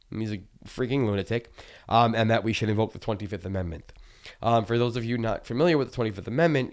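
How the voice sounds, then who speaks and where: A man hosting his own political commentary show, speaking urgently and earnestly with frequent ums and uhs. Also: lowish voice. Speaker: host of news commentary show.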